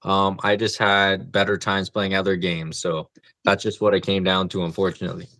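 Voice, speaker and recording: A man's voice: low voice, flat delivery, normal speed, bright, forceful tone, no room sound. A man co-hosting a podcast, chatting casually about video games in a laid-back way and swearing freely. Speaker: podcast co-host. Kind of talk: casual gaming chat.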